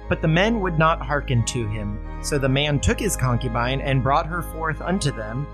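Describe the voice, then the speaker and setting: A man's voice: a little high, expressive, moderate pace, over music. A man co-hosting a podcast, reading scripture aloud and riffing on it in a wry, casual way. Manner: wry, reads archaic text then riffs on it.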